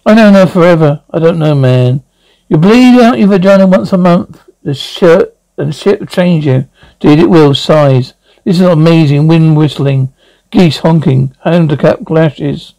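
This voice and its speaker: A man's voice: fairly high pitch, vocal fry, mellow, no room sound, low-quality recording. A man retelling a cartoon episode in a loose, rambling way, with frequent halts and restarts as he voices the dialogue. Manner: rambling, halting, many restarts.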